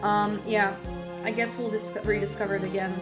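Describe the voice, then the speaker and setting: A woman's voice: medium pitch, little pitch movement, normal speed. A woman streamer chatting while playing, trailing off and hunting for words. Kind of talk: let's-play commentary. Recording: loud game music behind.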